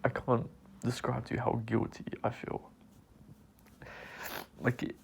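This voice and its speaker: A man crying as he talks through an apology, halting and choked, with long pauses, sighs and breathy half-whispered words. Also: medium pitch, monotone, a little hiss or hum. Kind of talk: tearful personal apology monologue.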